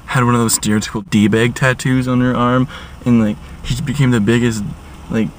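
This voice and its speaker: A man's voice: mid-range voice, flat delivery, a little fast. A young man chatting casually to his camera, rambling and self-mocking in a silly mood. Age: young adult. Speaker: vlogger. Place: outdoors by a store. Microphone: handheld phone camera. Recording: distant mic, noisy outdoor recording.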